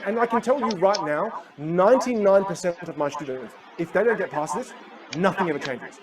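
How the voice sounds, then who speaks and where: A man's voice: high-pitched, fairly quick, poor audio. A man whose first language is Teochew gives a keynote talk as a communication coach. He tells stories and acts out the voices. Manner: animated storyteller who acts out voices. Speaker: public speaker and communication coach. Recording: live talk with loud crowd and noise.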